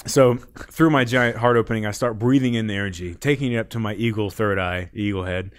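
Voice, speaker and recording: A man as a podcast guest, telling a long story in a loose, animated way, laughing often and leaning on "like". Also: fairly low pitch, fairly quick, clean tone. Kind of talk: casual storytelling.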